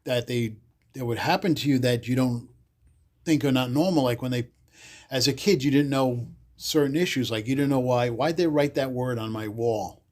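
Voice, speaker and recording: A man, a podcast guest telling loud, animated stories in casual chat, cursing freely and acting out the people he quotes. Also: mid-range voice, moderate pace. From the Bronx, New York. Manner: animated, swears freely, acts out quotes loudly. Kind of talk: casual storytelling.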